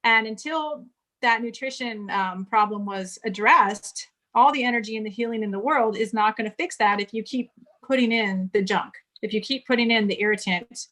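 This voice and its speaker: Woman in her 40s from California, interview guest, bright and forceful tone, recounts her past frankly. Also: on the high side, moderate pace. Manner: candid storytelling, quotes others in dialogue. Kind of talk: casual interview conversation.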